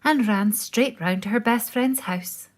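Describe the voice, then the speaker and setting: A woman reading a children's picture book aloud, with slow, expressive storytelling. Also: a little high.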